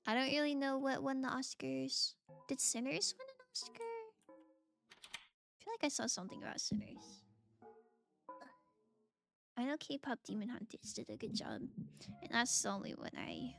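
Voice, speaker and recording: Woman streamer, high voice with vocal fry, unhurried casual chat, faint music behind. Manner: chatty, reads chat aloud, bursts into excited greetings. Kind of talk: casual live-stream chat while gaming.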